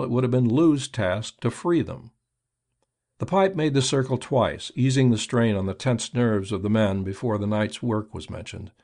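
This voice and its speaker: A man reading an audiobook in a steady, measured narration. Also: medium pitch.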